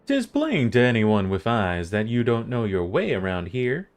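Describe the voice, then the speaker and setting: A man voicing a gruff local man who points a newcomer the way, in a lowered, measured delivery. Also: wildly swooping pitch, soft background music. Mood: helpful.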